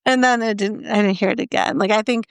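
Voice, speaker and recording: Smooth-voiced woman telling stories. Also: medium pitch, quick pace, no echo. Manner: animated storytelling, acts out her own reactions. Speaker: podcast co-host. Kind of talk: casual chat.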